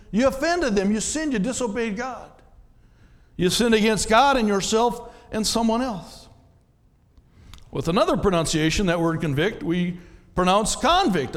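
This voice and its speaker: A man's voice: high voice, long reverb tail. A man, a pastor, preaching a sermon in a conversational way, often asking the congregation questions.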